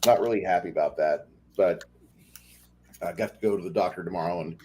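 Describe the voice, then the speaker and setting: A man with a fairly low voice hosts a casual gaming livestream. He rambles and chats and restarts his sentences as he goes. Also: darkish tone, slight background noise. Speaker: stream host. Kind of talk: casual chat.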